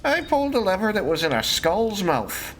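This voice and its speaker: A podcast co-host chatting casually while playing a video game, playful and quick to laugh. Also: medium pitch, very animated. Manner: playful, laughs often, drifts into silly voices. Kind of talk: casual chat while gaming.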